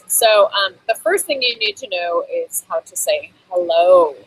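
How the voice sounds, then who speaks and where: Chatty woman with a lively voice. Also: lowish voice, measured pace, poor audio. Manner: chatty, frequent ums, laughs between phrases. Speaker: host teaching basic Thai phrases. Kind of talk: casual on-camera lesson. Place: Bangkok.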